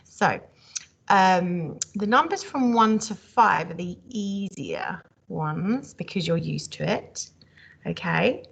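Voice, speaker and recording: A woman's voice: on the low side, animated, takes it slowly, gravelly, fairly bright tone, breathy edge. A woman teaching a class, explaining step by step and checking in with the pupils. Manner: friendly, checking in with "okay?". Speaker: primary school teacher. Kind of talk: classroom instruction.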